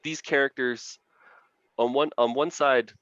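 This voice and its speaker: A man's voice: mid-range voice, fairly even intonation, a bit bright, clean tone, no room sound. A man, an author chatting earnestly and enthusiastically as an interview guest over a video call. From Canada. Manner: earnest, enthusiastic, quick to laugh. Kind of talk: casual interview chat. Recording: dull lo-fi dry sound.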